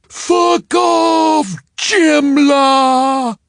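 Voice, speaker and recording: A man voicing an unhinged, drunken janitor who shrieks and snarls in a high, strained voice. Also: fairly even intonation, extremely slow, vocal fry, a bit bright, dry recording, studio quality, heavily acted. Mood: snarling.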